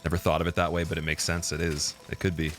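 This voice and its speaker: A low-voiced man giving casual live-stream commentary while he plays. He chats with his viewers, laughs often and gets loud and excited. Faint music plays behind him. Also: quick pace. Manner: chatty and giggly, talks to chat, gets loud and excited. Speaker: game streamer.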